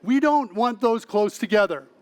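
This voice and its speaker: A man speaking as a conference presenter, giving a technical talk in a lively way, often checking in with the audience and restarting his phrases. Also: very high-pitched, moderate pace, clear, resonant tone. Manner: lively, asks audience "right?" often, self-correcting restarts. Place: large conference hall.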